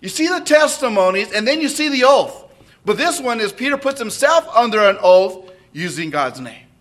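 Male preacher, high lively voice, bright tone, sermon, asks listeners questions. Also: normal speed. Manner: animated, tag questions to listeners. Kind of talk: expository sermon.

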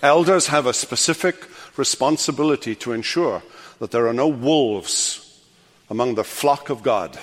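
An older man preaching a sermon as pastor, swinging from loud, animated passages to hushed, quiet endings. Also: mid-range voice, unhurried, in a large hall. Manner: animated preaching, rising loud then dropping to hush. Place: church sanctuary.

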